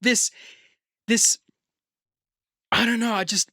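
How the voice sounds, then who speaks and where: A man's voice: extremely high pitch, steady tone, slow, pushed and bright, no echo, clean studio sound. A man co-hosting a podcast in casual chat, rambling and swearing, often slipping into put-on voices. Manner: profane, rambling, slips into voices.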